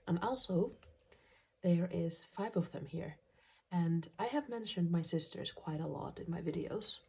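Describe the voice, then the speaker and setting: A woman from Finland hosting a journaling vlog, talking softly and gently in a casual way and dropping into quiet whispers. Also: fairly low pitch, unhurried, gravelly, slightly rough. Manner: soft-spoken, gentle, slips into quiet whispers. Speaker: journaling channel host.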